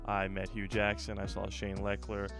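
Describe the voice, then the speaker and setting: Animated young man telling a story. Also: fairly low pitch, moderate pace, music in the background. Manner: animated storyteller, acts out shouted quotes. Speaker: channel host. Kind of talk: storytime vlog.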